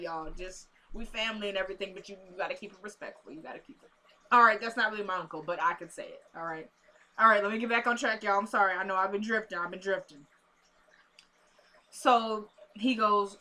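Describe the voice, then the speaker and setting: A woman's voice: mid-range voice, quick pace, sharp tone. Chatty woman recapping a TV episode. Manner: chatty, drifts into asides, addresses "y'all". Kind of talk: casual recap to viewers.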